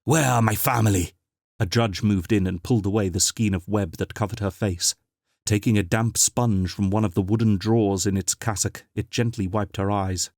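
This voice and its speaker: Low-voiced man narrating an audiobook. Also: steady tone, darkish tone, dry recording, studio quality. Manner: measured, dramatic storytelling.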